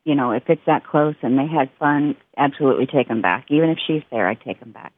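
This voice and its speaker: A woman's voice: very deep voice, fast. A woman caller from Bluffton, calling in to a radio show and speaking plainly and reassuringly. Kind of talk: phone call-in chat. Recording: tinny phone line.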